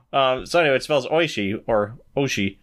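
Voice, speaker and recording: A man co-hosts a podcast in easygoing, playful chat. His pitch moves about a lot, and he often restarts his sentences. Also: expressive, normal speed, a bit bright. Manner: chatty, playful, with self-correcting restarts. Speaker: podcast co-host. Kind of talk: casual chat.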